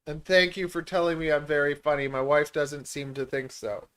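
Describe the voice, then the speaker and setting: A man's voice: on the high side, little pitch movement, moderate pace, fairly bright tone, clean tone. Brief: a man from Canada hosting a casual reptile Q&A stream, rambling and self-mocking. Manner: rambling, self-deprecating, many filler words. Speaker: reptile breeder and channel host.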